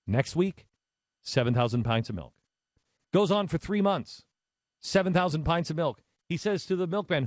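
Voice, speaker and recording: A man's voice: fairly high pitch, normal speed, no room sound, studio quality. Man telling a story on talk radio. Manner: conversational, animated, with many restarts. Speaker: radio talk show host.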